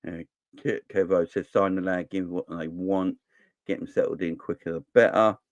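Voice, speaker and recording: A man's voice: low voice, fairly even intonation, moderate pace, no echo, lo-fi sound. A man in his forties from southern England, hosting a casual live stream and chatting back to viewer comments. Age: 40s. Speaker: fan channel host.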